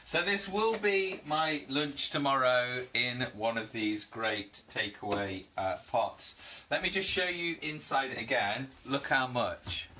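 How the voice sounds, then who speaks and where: A man's voice: mid-range voice, bright, forceful tone, slight background noise. A British man hosting a casual cooking live stream at home, chatting and greeting viewers by name. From United Kingdom.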